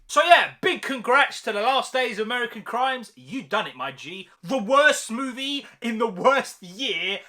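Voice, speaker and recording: Male reviewer, animated and mocking, with slang and big exaggerations. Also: very high-pitched, a little slow, hardly any pauses. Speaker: movie reviewer. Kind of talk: ranting review vlog.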